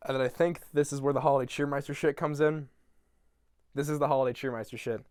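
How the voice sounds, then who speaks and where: A man's voice: mid-range voice, steady tone, quick pace, darkish tone, smooth, no room sound, clean studio sound. A young man rambling profanely through a retelling of a film from memory, laughing as he goes. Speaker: YouTuber.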